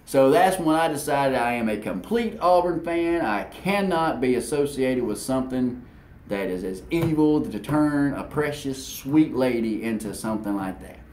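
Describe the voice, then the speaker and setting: A man's voice: mid-range voice, normal speed, slight background noise. Rambling man telling stories. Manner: animated, self-deprecating, acts out quotes. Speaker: co-host. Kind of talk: rambling anecdotal storytelling. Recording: roomy echo.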